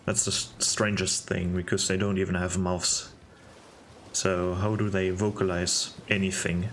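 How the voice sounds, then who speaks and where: Slow, low-voiced man musing over gameplay. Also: a little hiss or hum. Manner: relaxed, musing, with hesitant restarts. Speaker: game video narrator. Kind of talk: casual gameplay commentary.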